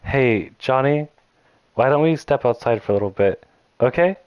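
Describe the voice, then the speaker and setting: A man reading a gentle, indecisive young female club president in a game, soft and apologetic. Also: medium pitch, animated, normal speed, clear, resonant tone, dry recording, muffled recording, lightly acted.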